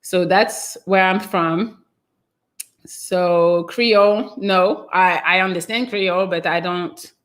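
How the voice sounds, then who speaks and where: Slow-talking French woman streamer. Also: lowish voice, steady tone. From France. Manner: chatty and meandering, trails off with fillers. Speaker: livestream host reading viewer comments. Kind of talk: casual live-stream chat.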